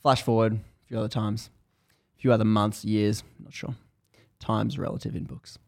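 A man's voice: fairly low pitch, level tone, moderate pace, vocal fry, a little mellow. A man hosting a podcast, casually retelling a book's story in a loose, rambling way with many restarts.

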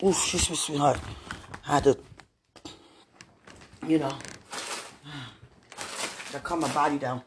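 A former minister in an emotional live chat, overwhelmed and distressed, murmuring prayers to calm down. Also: mid-range voice, measured pace, pauses often. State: distressed, tense. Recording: noisy recording with clicks.

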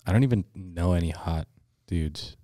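A man's voice: low voice, normal speed, dark tone, dry recording, studio quality. A young man co-hosting a podcast, chatting in a laid-back way and swearing casually. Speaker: podcast co-host. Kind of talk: casual chat.

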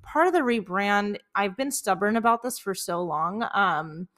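A woman's voice: mid-range voice, animated, measured pace, a bit bright. A young woman co-hosting a podcast, chatting casually about her candle business, with lots of filler words and restarts. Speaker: podcast co-host, candle maker. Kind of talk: casual chat.

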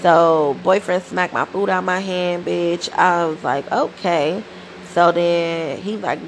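Gravelly-voiced woman telling a profane story. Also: on the low side, moderate pace, slight background noise, low-quality recording. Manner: profane, animated storytelling with slang. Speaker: podcast host. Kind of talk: casual storytelling monologue.

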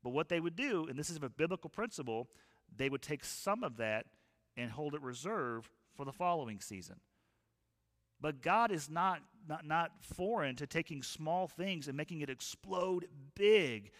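A man preaching a sermon as a pastor, telling stories in an animated, folksy way. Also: on the high side, normal speed, in a large hall.

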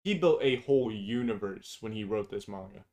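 A man's voice: on the low side, lively intonation, moderate pace, a little mellow. A man co-hosting a casual chat, blunt and profane, opinionated and prone to long tangents. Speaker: podcast co-host.

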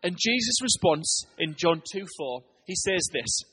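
A British pastor preaches with restless energy, his voice sitting high for a man. He tells stories fast, stumbling and repeating words as he goes. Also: sing-song, bright, forceful tone, husky. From England. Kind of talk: sermon.

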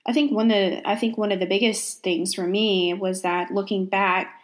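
A young woman speaks candidly about her own life in a casual, unscripted way. She sounds reflective, restarting her sentences and using plenty of "you know" as she works through her thoughts. Her voice sits at an ordinary middle pitch for a woman. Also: steady tone, normal speed. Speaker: vlogger sharing a personal story. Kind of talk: casual personal storytelling.

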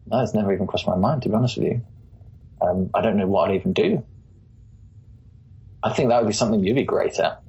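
Husky low-voiced man, laughing guest. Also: fast talker, long pauses, dark tone. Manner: laughs often, easygoing. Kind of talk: casual interview chat. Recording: dull lo-fi recording.

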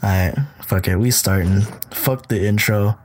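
A man's voice: on the low side, steady tone, normal speed, a little mellow. A tired young man hosting a podcast, telling a long rambling story in casual, profane chat. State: tired from lack of sleep. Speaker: podcast host.

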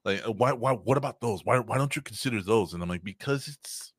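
A man's voice: fairly low pitch, lively intonation, fairly quick, slightly rough, no echo, clean studio sound. A man co-hosting a casual podcast chat, talking animatedly and swearing freely as he acts out movie scenes. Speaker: podcast co-host.

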